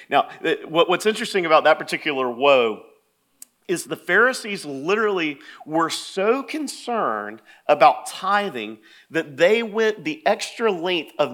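A man preaching a sermon, talking plainly with stammers and restarts, then rising to loud, emphatic scripture reading. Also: a little high. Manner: conversational asides with restarts and stammers. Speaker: pastor.

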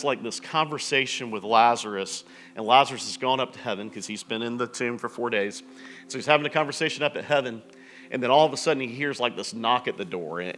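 Bright-voiced man preaching casually. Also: mid-range voice, slight background noise. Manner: conversational storytelling with restarts and asides. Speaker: pastor. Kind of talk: sermon.

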